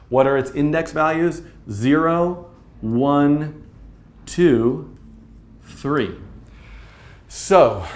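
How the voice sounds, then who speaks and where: A man's voice: medium pitch, darkish tone. A man teaching programming at a whiteboard in a casual, playful, self-mocking way, thinking aloud as he explains. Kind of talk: informal coding lesson at a whiteboard. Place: studio room with whiteboard. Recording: roomy echo.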